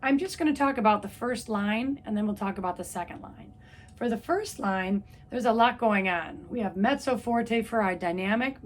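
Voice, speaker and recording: A woman's voice: medium pitch, slight background noise. A woman music teacher giving a patient, step-by-step trumpet lesson, counting beats aloud. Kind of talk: instrument lesson video.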